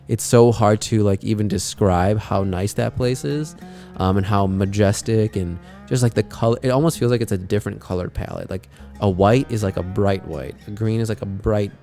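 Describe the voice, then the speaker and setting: A man's voice: on the low side, moderate pace, warm tone, soft background music. A young man hosting a podcast, rambling through a travel story in a laid-back, profane way, with plenty of fillers. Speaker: podcast host. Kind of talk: casual travel story chat.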